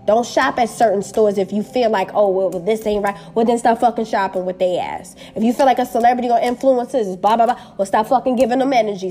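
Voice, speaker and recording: A woman's voice: a little high, a little mellow. Angry, profane woman ranting. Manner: angry, blunt and profane, repeating short phrases. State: upset and hurt. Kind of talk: impassioned personal rant to camera.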